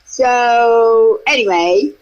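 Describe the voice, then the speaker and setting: A woman's voice: fairly high pitch, drawn-out words, dull audio, background noise. Woman telling a rambling, profane story. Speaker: co-host. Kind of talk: casual storytelling chat.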